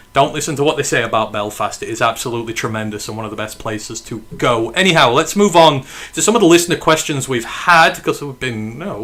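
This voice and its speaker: Man, podcast host, casual chat, bright forceful tone, swears a lot. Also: mid-range voice. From England. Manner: chatty, swears freely, reads out listener questions.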